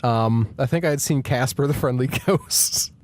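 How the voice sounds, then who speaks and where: A man hosting a podcast, telling a creepy story in a wry, animated way. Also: medium pitch, moderate pace. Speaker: podcast host. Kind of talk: casual storytelling.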